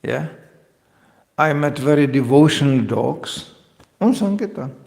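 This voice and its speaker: A man giving a lecture on scripture, telling playful anecdotes and swinging between loud and soft. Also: on the high side, expressive, a little slow, vocal fry. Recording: lecture hall reverb.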